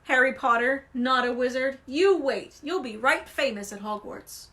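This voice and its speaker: A woman voicing a gruff, loud giant of a man with a booming, rough manner. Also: normal speed.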